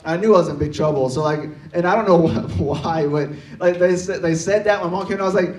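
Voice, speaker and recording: Animated, laughing pastor in an echoey hall. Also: male voice, a little high, fast, distant mic, crowd noise. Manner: animated, laughing often, acting out voices in his story. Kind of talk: storytelling sermon. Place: church auditorium.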